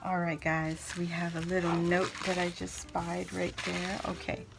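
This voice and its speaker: A middle-aged woman hosting a casual crafting vlog, opening mail at home and gushing over each item, repeating her words when excited. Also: on the low side, measured pace, vocal fry, noisy background. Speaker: crafting channel host.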